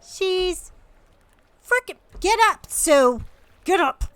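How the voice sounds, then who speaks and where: A woman voicing a bossy, foul-mouthed woman adventurer who yells and curses. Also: very high voice, expressive, drawn-out words, no echo, pitched above the performer's own voice, full character voice. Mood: angry yelling. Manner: yelling, cursing.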